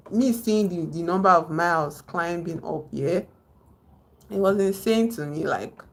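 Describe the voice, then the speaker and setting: Nigerian woman streamer, low gravelly voice, rambling and chatty. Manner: rambling, retells film scenes, greets chat viewers. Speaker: livestream host. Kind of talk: casual livestream chat.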